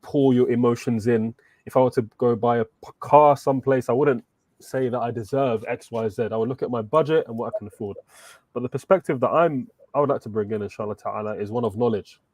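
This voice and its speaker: A man speaking as a guest in an online discussion, measured and reflective with frequent fillers. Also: medium pitch, a little mellow, dry recording.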